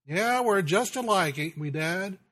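A man's voice: high voice, expressive, unhurried, fairly bright tone, heavily acted. A man voicing an eager four-year-old boy who adores his dad, as he recites song lyrics in a raised childlike voice. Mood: adoring.

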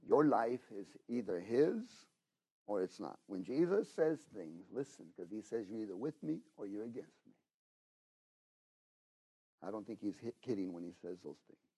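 A middle-aged man preaching a sermon, talking straight to the congregation and swinging between loud exhortation and hushed asides. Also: on the low side, big pitch swings, normal speed, husky. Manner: talks to the congregation directly, with frequent "you know?" and "okay?".

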